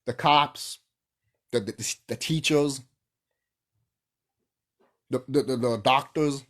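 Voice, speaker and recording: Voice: mid-range voice, slow pace. A channel host ranting off the cuff to camera, profane and heated, often restarting sentences mid-thought. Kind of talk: unscripted rant to camera.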